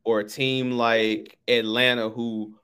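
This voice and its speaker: Man calmly weighing playoff odds. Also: medium pitch, clean tone. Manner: measured, hedging analysis. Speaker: sports podcast co-host. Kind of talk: casual sports analysis.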